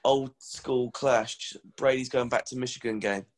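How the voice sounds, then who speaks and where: A man's voice: medium pitch, steady tone, a little slow. Man, blunt podcast co-host. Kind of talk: casual sports podcast chat.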